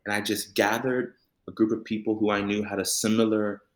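A man's voice: fairly low pitch, fairly quick. A young adult man, a musician, telling a personal story in an interview and acting out the voices of the people in it. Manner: animated storyteller acting out quoted voices, with laughter. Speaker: musician and band leader.

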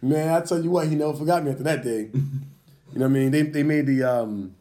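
A man co-hosting a podcast, telling a heated story in casual chat, animated and profane, acting out arguments. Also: fairly high pitch, a little fast. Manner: animated, profane, acts out confrontations. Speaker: podcast co-host.

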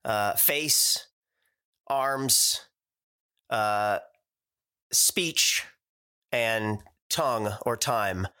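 A man's voice: on the low side, very slow, long pauses, bright, forceful tone, smooth. A man speaking as a podcast guest in casual chat, hesitant and full of fillers as he explains.

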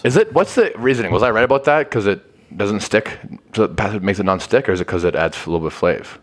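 A man's voice: on the low side, expressive, fast. A young man co-hosting a podcast, chatting loosely and crudely with friends. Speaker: podcast co-host. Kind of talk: casual chat.

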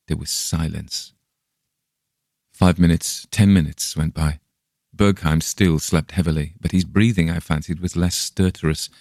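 Deep, gravelly male audiobook narrator. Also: a little mellow, no room sound, clean studio sound. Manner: measured, suspenseful first-person reading. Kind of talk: storybook reading.

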